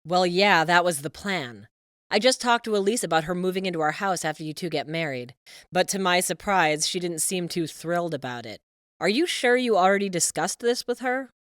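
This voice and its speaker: A woman with a fairly low, expressive, fairly bright voice voices an overbearing, scheming middle-aged mother in an animated story voice-over, speaking at normal speed. The character talks in a cloying, possessive, sing-song way. The recording is studio quality with no room sound.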